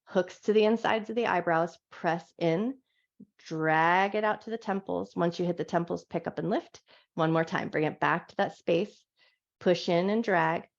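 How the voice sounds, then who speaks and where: A woman teaching a live yoga class on a clip-on mic, giving soft, soothing guided cues. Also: on the low side, moderate pace, creaky. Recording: dull lo-fi live class audio.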